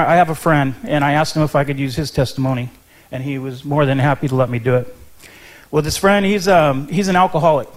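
Nervous, chatty man preaching a short sermon. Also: fairly high pitch. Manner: nervous, chatty, many ums and restarts. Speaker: ministry intern giving a short sermon. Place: church.

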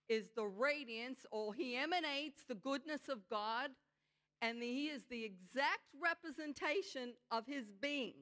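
A woman preaching a sermon in an earnest, conversational way, slowing down to stress her key points. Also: a little high, fairly bright tone. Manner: conversational asides with frequent "you know".

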